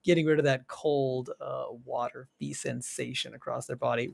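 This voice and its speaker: A man as game master, narrating a tabletop game slowly, with many pauses and fillers. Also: mid-range voice, steady tone, creaky, darkish tone.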